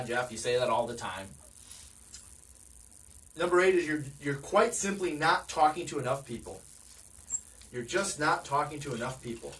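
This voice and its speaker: A man's voice: on the high side, fairly bright tone. Guy coaching salespeople, direct and chatty, kinda far from the mic. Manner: direct, conversational, asks listeners questions. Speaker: real estate sales coach. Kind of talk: sales training talk.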